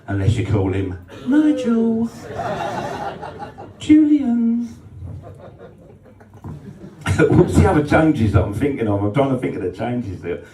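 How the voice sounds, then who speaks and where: A man's voice: a little fast, few pauses, a little hiss or hum. A man doing a brash, sweary stand-up set in a small club. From England. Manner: brash and sweary, with lively swings in pitch. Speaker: stand-up comedian. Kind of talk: stand-up set with crowd laughter. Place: small club function room. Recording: roomy club sound from a distance.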